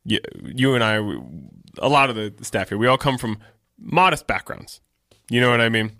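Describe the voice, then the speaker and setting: Chill podcast dude, bright voice, swears a lot, dry close sound. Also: male voice, medium pitch, moderate pace, no room sound. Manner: laid-back, swears freely, laughs often. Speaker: podcast co-host and shop owner. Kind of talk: casual chat.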